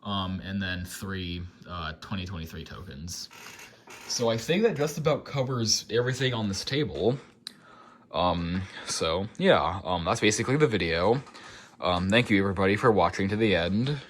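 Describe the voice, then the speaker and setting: Guy with a lowish nasal voice rambling thru his collection vlog, lots of ums, faint hiss behind. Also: lively intonation, moderate pace. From United States. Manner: rambling, many ums and likes. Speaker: collector vlogger. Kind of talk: casual show-and-tell vlog.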